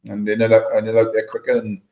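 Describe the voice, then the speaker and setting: A man's voice: fairly low pitch, monotone, quick pace, highs cut off. A man co-hosting a live stream, chatting in a matey way, asking questions and swearing casually. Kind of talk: casual chat.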